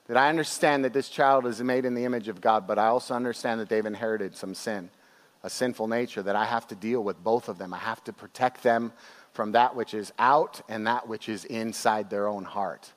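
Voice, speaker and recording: A young man preaching a sermon to his church, telling stories with animated, acted-out quotes. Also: mid-range voice, moderate pace. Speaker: pastor. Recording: long hall reverb.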